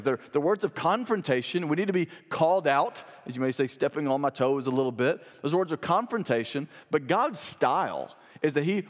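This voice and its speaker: A man's voice: on the high side, in a large hall. A young adult man, a pastor, preaching a sermon in a conversational, emphatic way, full of rhetorical questions.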